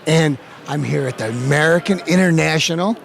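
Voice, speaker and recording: A man's voice: fairly high pitch, brisk, creaky, soft background music. A man hosting his show, hyping the event and interviewing people in a playful, hammy showman manner. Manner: animated, playful hype-man delivery. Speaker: show host.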